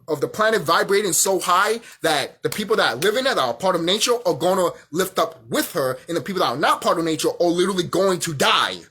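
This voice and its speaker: Young guy ranting angry on his vlog, swearing a lot, high husky voice. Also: sharp tone. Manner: heated, profane, repeats himself. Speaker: vlogger. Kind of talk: angry rant monologue.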